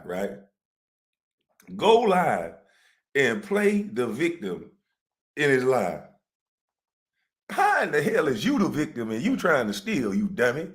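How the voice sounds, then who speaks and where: A man hosting a livestream, ranting profanely and mockingly, breaking into laughter. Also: medium pitch. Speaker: livestream host. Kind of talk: profane comedic rant.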